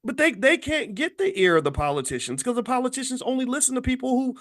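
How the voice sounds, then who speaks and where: A man giving an emphatic, animated monologue in casual commentary, often repeating himself and swinging from low, quiet lines to high, loud ones. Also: fast. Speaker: commentator on Black economics.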